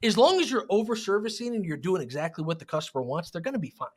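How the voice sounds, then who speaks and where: A man hosting a panel discussion as a sales trainer, talking in a blunt, emphatic, animated way. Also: high-pitched, fast talker. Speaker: sales trainer and show host.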